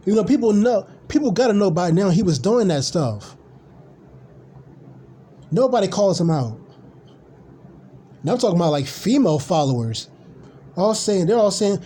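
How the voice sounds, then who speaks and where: A man's voice: high-pitched, very animated, normal speed, pauses often, warm tone, slightly rough. A man ranting casually on a live stream, blunt, profane and rambling.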